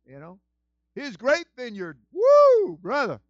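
Lively high-voiced male pastor preaching. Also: unhurried, dry recording. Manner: animated preaching, builds to shouts. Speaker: senior pastor. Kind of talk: sermon. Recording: dull lo-fi dry recording.

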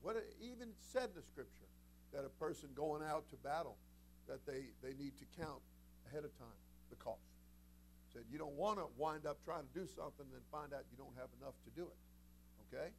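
A man, the senior pastor, preaching a sermon with animated delivery that climbs into shouted passages and acts out bits of the stories. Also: on the high side, fairly quick, a little hiss or hum.

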